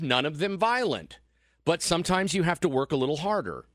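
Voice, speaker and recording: A man's voice: on the high side, sing-song, fairly quick, a bit bright, dry recording. A man hosting a talk radio show, delivering an opinionated, sarcastic monologue into a studio microphone. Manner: sarcastic, mocking.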